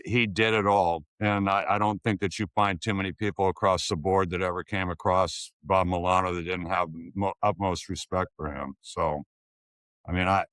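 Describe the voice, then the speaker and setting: An older man, a former coach, paying tribute to his old head coach in halting, earnest casual talk that often restarts sentences. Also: low-pitched, fairly bright tone, clear, resonant tone, no echo.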